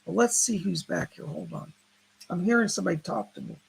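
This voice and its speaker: A man with a husky voice giving live psychic readings, passing on spirit messages as quotes and thanking donors by name. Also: high voice, brisk, poor audio. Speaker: psychic medium.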